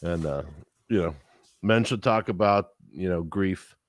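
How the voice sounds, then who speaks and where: Man, low voice, casual swearing storyteller, podcast chat, dry recording. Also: a little slow, no echo. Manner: profane, animated storyteller acting out quotes. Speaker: podcast co-host.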